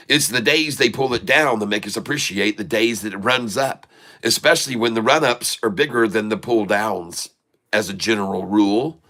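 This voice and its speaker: A man's voice: lowish voice, unhurried, pauses often, bright, forceful tone. A man from the United States hosting a casual stock market livestream, joking and folksy, often calling his viewers folks.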